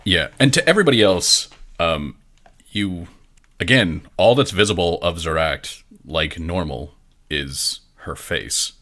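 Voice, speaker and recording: Deep-voiced, bright game master. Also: male voice, lively intonation, unhurried. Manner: casual, joking, hesitant with fillers. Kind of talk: narrating a tabletop game.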